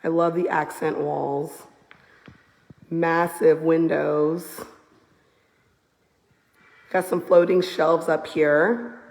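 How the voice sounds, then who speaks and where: Hoarse lady, real estate agent, slow gushing phone video walk through a new house. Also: sits low, flat delivery, a little mellow. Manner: gushing, enthusiastic, repeats "beautiful" and "I love". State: hoarse, lost voice. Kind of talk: casual live video house tour. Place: walking through a large house, indoors and out. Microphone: handheld phone camera.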